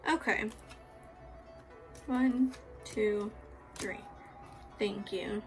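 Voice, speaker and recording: A young woman doing a casual tarot reading, swinging from hushed prayers to loud, laughing, swearing outbursts. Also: medium pitch, steady tone, drawn-out words, soft background music. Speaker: tarot reader.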